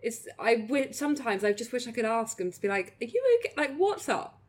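Woman co-host, casual chat, animated and swearing, voice sits a bit high. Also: brisk. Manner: animated, swearing, self-mocking. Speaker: podcast co-host.

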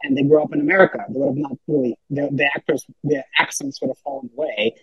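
Husky-voiced man rambling in casual chat. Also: mid-range voice, fairly even intonation, fast, dry recording, muffled recording. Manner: rambling, many fillers and restarts. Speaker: podcast guest.

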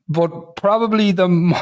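Unhurried man setting up a story. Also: sits high. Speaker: podcast co-host. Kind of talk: casual chat.

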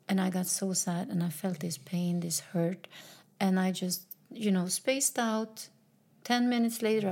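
A woman in her fifties giving an earnest, heartfelt reflective talk, sometimes dropping to a soft whisper. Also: medium pitch, vocal fry. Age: 50s. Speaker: speaker sharing personal growth advice.

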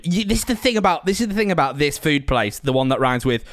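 Playful man with lively pitch. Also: fast, no room sound, studio quality. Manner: jokey, playful, teasing. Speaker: podcast host. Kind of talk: casual chat.

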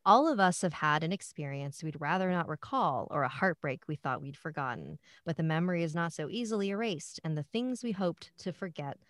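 A woman's voice: sits low, animated, a little fast, hardly any pauses, no room sound, clean studio sound. A woman co-hosting a casual chat, reading personality quiz questions aloud, giggly and hesitant. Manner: giggly, hesitant, often restarts.

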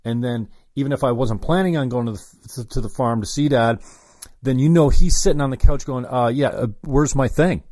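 A man's voice: mid-range voice, brisk, a little mellow, no room sound, studio quality. A man telling a long, rambling story, cursing and cutting himself off mid-sentence. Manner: rambling, self-interrupting, profane.

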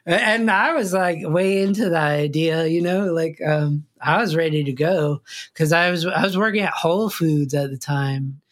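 A middle-aged musician tells a personal story in a fairly high, slightly bright voice at a moderate pace. His delivery is loose and casual, rambling and filler-heavy, with frequent laughs.

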